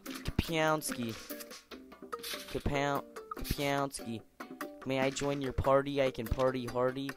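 A man's voice: mid-range voice, fairly even intonation, slow, long pauses. A young man doing goofy, rambling gameplay commentary, scolding game characters in mock-stern tones. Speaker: gameplay video host. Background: game music.

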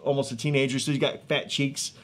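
A man in his thirties or forties, a street evangelist telling a healing testimony in an earnest, excitable way with many fillers and restarts, outdoors in a neighborhood. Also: medium pitch, fast talker. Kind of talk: animated testimony storytelling.

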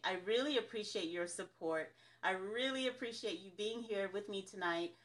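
A woman's voice: mid-range voice, normal speed, hardly any pauses, a bit bright. A woman from the American South hosting a casual business coaching livestream, chatty and upbeat, laughing often as she talks to viewers.

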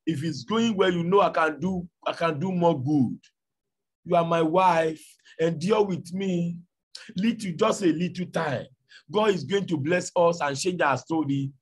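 A man voicing a patient, loving husband who gently pleads with his wife. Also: fairly high pitch, a little slow, husky, pitched above the performer's own voice. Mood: soft apologetic. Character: patient loving poor husband, soft-spoken.

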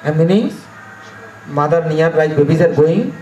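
A man's voice: a little high, moderate pace, a little mellow, muffled recording. A man preaching a devotional sermon in broken, emphatic English, repeating short phrases. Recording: echoey room, mic at a distance, faint music.

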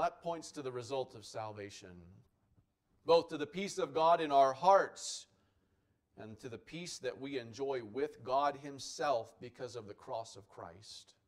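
Pastor guy preaching, earnest and emphatic, voice a bit on the high side. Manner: earnest, emphatic preaching with wide swings in loudness. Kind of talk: sermon.

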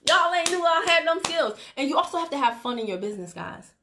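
A woman's voice: high-pitched, very animated, moderate pace, bright, forceful tone, a little hiss or hum. A woman leading a network marketing team gives a chatty, teasing motivational talk on a phone livestream. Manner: chatty, teasing, breaks into laughter. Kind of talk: motivational Facebook Live talk.

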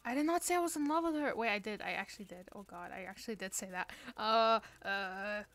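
A woman's voice: mid-range voice, big pitch swings, racing. A woman streaming a game from her bedroom, chatting playfully with mock-dramatic pleading and jokes. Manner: playful, melodramatic pleading and joking. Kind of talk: live gameplay stream chat.

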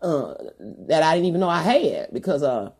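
A woman's voice: low-pitched, big pitch swings, normal speed, darkish tone, breathy edge. A woman YouTuber talking straight to her viewers in a long, profane, rambling monologue full of restarts and asides.

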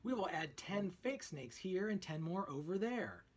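A man voicing a brainy young woman sleuth in a cartoon mystery, calmly explaining. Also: high voice, unhurried, slightly rough, exaggerated voice.

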